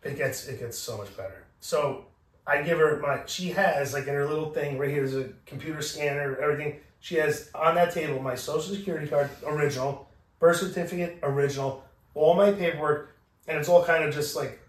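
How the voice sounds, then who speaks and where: A man's voice: on the high side, fairly quick. Profane man telling a story in an echoey room. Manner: profane, animated, acting out both sides of the exchange. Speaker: podcast host. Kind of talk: casual storytelling. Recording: echoey room, distant from mic.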